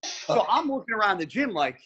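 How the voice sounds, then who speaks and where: Husky, forceful man swearing through stories. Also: high voice, fairly quick, muffled recording. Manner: animated, heavy swearing. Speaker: podcast guest, pro bodybuilder. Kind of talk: casual storytelling.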